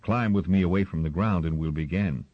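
A man's voice: sits low, a little fast, no room sound. A man voicing a wise male gull teacher who speaks in a firm, earnest, encouraging way, on a slightly muffled recording.

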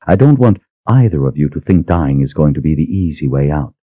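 A man voicing a cold, cruel woman sorceress who speaks with measured, mocking calm in an audiobook. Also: very deep voice, breathy edge, no room sound, dull audio, exaggerated voice. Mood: cold menace.

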